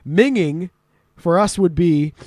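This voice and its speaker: A man's voice: sits high, lively intonation, slow pace, a little mellow, no room sound, studio quality. A man co-hosting a casual podcast, quizzing his guest with laughs and plenty of swearing. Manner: laughing, swears freely, teasing quiz-master. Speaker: podcast co-host. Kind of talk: casual banter.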